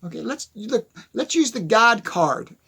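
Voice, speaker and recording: A weary man delivers an earnest monologue with a gravelly, rough edge to his voice. His speech is slightly husky and halting, and he circles back to repeat his points as he restarts sentences. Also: high voice, sing-song, sharp tone. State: tired. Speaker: speaker on philosophy.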